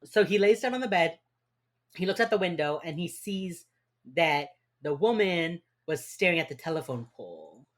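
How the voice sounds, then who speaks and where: A woman's voice: on the low side, big pitch swings, moderate pace. A woman co-hosting a podcast, recapping a TV episode in casual chat with wry, dry asides. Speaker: podcast co-host.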